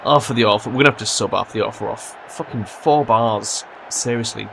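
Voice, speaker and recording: A young man commentating his own football management game, swearing and yelling at his players when they mess up. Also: fairly low pitch, a little fast, gravelly, slight background noise. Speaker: gaming commentator. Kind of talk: let's play commentary.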